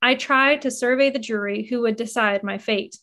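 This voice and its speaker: A woman narrating a first-person memoir in an expressive reading that rises with emotion. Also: fairly high pitch, moderate pace.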